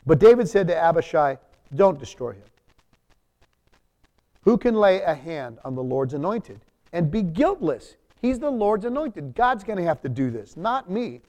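A man preaching a sermon as pastor, reading scripture aloud and then explaining it in plain talk, with sudden emphatic rises and soft drops. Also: a little high.

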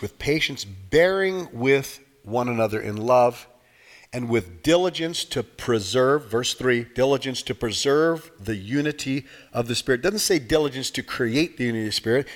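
A man's voice: mid-range voice, a bit bright. An older man preaching a conversational sermon as a pastor, acting out everyday dialogue to make his points. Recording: reverberant hall.

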